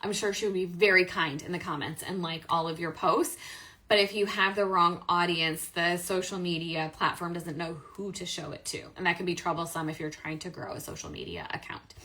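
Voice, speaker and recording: An upbeat woman chats through a live stream, answering viewer questions. Her voice is bright and a little low for a woman. She talks casually and corrects herself often. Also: a little fast. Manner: chatty and upbeat, many fillers and self-corrections. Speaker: host of a live stream on affiliate marketing.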